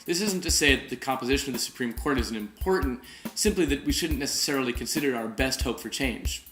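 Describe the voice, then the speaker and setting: Man, political commentary host, wry and opinionated, middle pitch, roomy echo. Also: expressive, quick pace, a bit bright, faint music behind.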